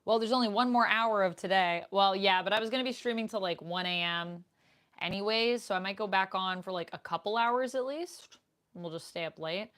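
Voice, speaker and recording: A woman's voice: mid-range voice, brisk, fairly bright tone. A young woman streamer chatting casually with her viewers in a live Q&A, reading out their comments as she goes. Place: home room, indoors. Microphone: desk microphone.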